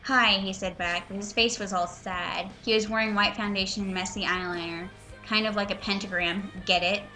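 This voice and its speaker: A woman's voice: mid-range voice, steady tone, sharp tone, faint music behind. A young woman giving a mocking, dramatic reading of fan fiction, with sarcastic asides. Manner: reads slowly, breaks into laughter and sarcastic asides. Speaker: reader and commentator.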